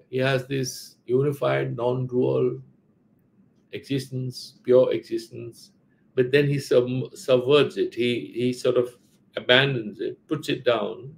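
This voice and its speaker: Gravelly-voiced man teaching scripture. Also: mid-range voice, low-quality recording. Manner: halting, repeats words, asks rhetorical questions. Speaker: philosophy teacher. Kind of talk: explaining Sanskrit scripture.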